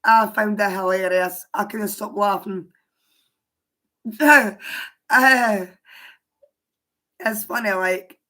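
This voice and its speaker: A Scottish woman with a hoarse, worn voice, chatting casually on a livestream and answering her viewers' comments aloud. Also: mid-range voice, fairly even intonation, takes it slowly, bright, forceful tone. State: hoarse, voice mostly gone.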